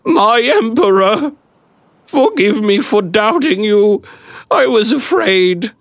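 A man voicing a plump, devout peasant woman, speaking slowly in a high, pleading, tearful voice. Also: expressive, a bit bright, no echo, exaggerated voice.

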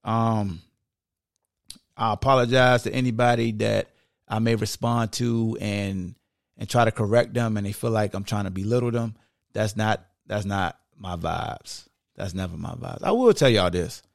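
A man's voice: lowish voice, measured pace, creaky, no room sound, clean studio sound. A man hosting a sports podcast, talking in a casual, emphatic monologue and often saying "like" and "y'all". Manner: conversational, emphatic, heavy use of "like" and "y'all".

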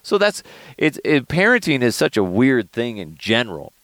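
A man hosting a casual solo podcast from inside a car, telling profane, animated stories and laughing often. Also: mid-range voice, normal speed, no echo. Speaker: podcast host.

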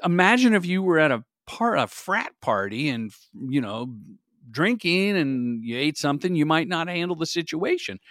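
A middle-aged man, a filmmaker guest on a podcast, telling stories in an energetic, animated way. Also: a little high, moderate pace, dry recording, clean studio sound. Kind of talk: casual interview storytelling.

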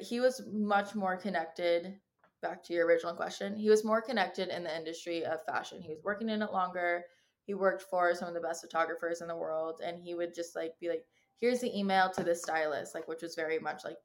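A woman in her twenties with a somewhat low voice talks through her own stories as a podcast guest. She speaks casually and candidly, acting out what people said to her, and swears freely. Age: 20s. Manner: candid storytelling, acts out quoted dialogue, swears freely. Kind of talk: casual chat.

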